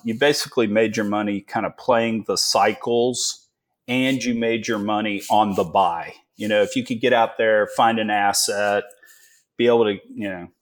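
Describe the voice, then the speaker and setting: A Texan man in his forties, a guest telling stories in a folksy, joking way with many fillers. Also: lowish voice. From Texas. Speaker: guest, energy investor. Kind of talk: casual interview talk.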